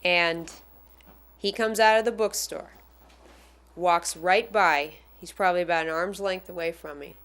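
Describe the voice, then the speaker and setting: A woman casually telling a personal anecdote as a fan, animated and acting out the people she quotes. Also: on the low side, measured pace. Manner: animated, acts out the voices of the people in her story.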